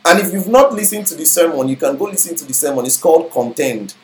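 A man with a high, light voice delivers a teaching sermon, stopping to explain each phrase and reading verses out slowly. The sound carries a strong room echo. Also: expressive, a little hiss or hum. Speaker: pastor. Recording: echoey room.

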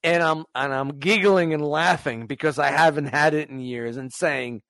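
A man's voice: a little high, normal speed, gravelly, fairly bright tone, dry recording. A man in his forties chatting casually, telling stories animatedly with laughs and swearing. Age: 40s. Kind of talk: casual chat.

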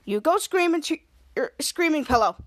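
A woman voicing a practical suburban mother who speaks in a calm, matter-of-fact way. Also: high voice, moderate pace, no room sound. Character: soothing suburban mom, practical.

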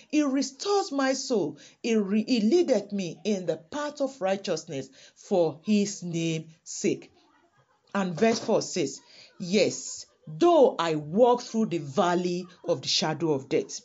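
Woman preacher from Africa, husky, lively delivery, emphatic build-ups. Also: on the low side, highs cut off. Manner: impassioned, builds in volume with slow emphatic phrases. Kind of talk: sermon.

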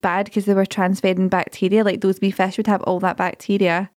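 A Scottish woman co-hosting a podcast, reacting quickly with lots of giggles. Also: medium pitch, level tone, darkish tone, dry recording, studio quality. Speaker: podcast co-host. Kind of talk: casual chat.

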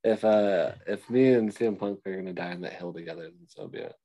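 A man with a very low, deep voice trading jokes on a casual podcast. He laughs often and slips into mocking voices. His delivery is loose and conversational. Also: quick pace, mellow, low-quality recording. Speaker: podcast co-host.

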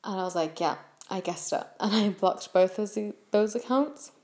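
A woman's voice: mid-range voice, normal speed, darkish tone. A young woman hosting a podcast, telling a personal story in a chatty way with many fillers and restarts. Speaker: podcast host. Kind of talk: casual storytelling.

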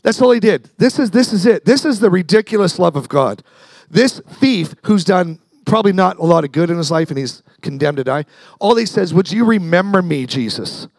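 Male pastor preaching, gravelly voice, bit high, loose chatty delivery. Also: animated, brisk, darkish tone, no echo. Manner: conversational, repeats words, acts out quotes. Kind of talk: sermon.

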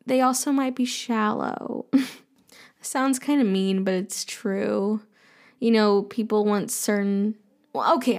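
A woman hosting an advice show, talking through listener questions in an easy, casual way. Her voice sits a little high, with a gravelly fry running through it. She takes her time, teasing and cracking jokes before taking them back. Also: a little mellow. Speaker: advice podcast host.

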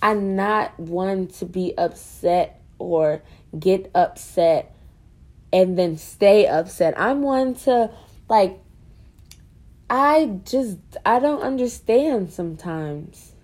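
A woman's voice: mid-range voice, darkish tone. A woman student venting in a casual, rambling monologue for her podcast, frustrated and full of fillers.

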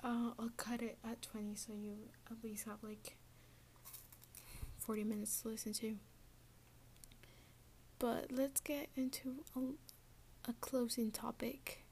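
A woman's voice: fairly high pitch, flat delivery, takes it slowly, pauses often, a little mellow, slight background noise. A young woman hosting a casual solo podcast rant, slipping often into a whisper and filling with "like". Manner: often drops to a whisper, lots of "like". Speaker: podcast host.

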